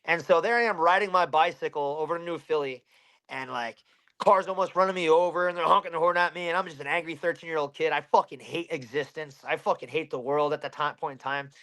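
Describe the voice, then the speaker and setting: A man's voice: a little high, fast talker, pushed and bright. A man in his thirties from Pennsylvania, a fighter telling a story in an interview, blunt and heavy with swearing.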